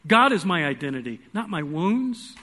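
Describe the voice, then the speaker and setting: With a high, sing-song voice at a moderate pace, a man delivers a church sermon built around an earnest personal story. His delivery moves between loud pleading and soft, hushed passages.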